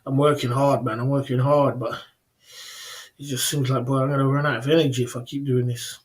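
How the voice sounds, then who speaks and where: A man's voice: mid-range voice, level tone, fairly quick. A man hosting a livestream in casual chat, repeating his phrases, speaking in slang and laughing often. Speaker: livestream host.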